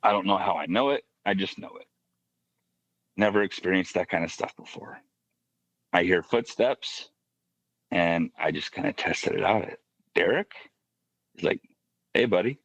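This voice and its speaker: Male podcast guest, deep voice, dry and slightly dull sound, thoughtful and halting delivery. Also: no echo. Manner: halting, reflective, with many restarts and soft asides. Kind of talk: personal faith story in casual podcast conversation.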